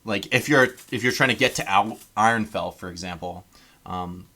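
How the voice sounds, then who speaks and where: A Canadian man runs a tabletop game as game master, speaking at normal speed in a lowish, sharp-toned voice. He rambles, says "um" a lot, and laughs at his own jokes.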